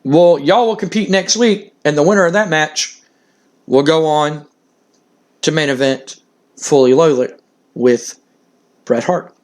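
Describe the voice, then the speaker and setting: A man's voice: on the high side, slow, long pauses. A man voicing a bossy older company owner, blustery and pushy, with little change from his own voice. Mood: scheming.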